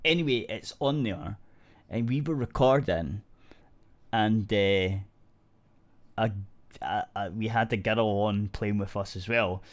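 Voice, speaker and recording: A man's voice: fairly low pitch, takes it slowly, long pauses. A man co-hosting a podcast, telling a gaming story in loose, rambling casual chat with frequent restarts and casual swearing. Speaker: podcast co-host.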